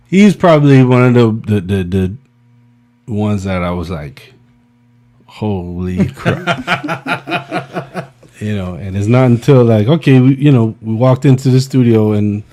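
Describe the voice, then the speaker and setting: A man working as a music producer, telling a studio anecdote as a guest, animated and full of restarts and fillers. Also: on the low side, a little slow, pauses often. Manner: animated, acts out quotes, many restarts and fillers. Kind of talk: storytelling anecdote.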